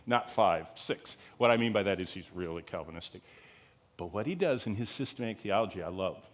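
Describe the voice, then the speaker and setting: A man teaches the Bible to a live group in a conversational lecture, expressive and at a quick pace. He digresses often, poses rhetorical questions to the audience, and pushes key words higher for emphasis.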